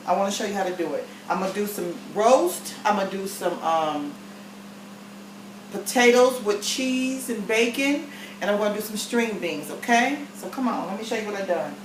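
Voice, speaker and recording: A home cook demonstrates a recipe in her kitchen, chatty and folksy, often checking in with "okay?" She has a medium-pitched, expressive voice and talks at a normal speed. The kitchen sounds echoey, with faint background noise.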